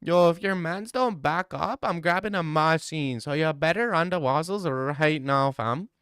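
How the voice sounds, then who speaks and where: Man doing a cocky Toronto tough guy, higher and pushier than his own voice, smooth dry sound, full of street slang. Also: measured pace, a bit bright, dry recording. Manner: swaggering, threatening, slangy. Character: brash young male Toronto street tough.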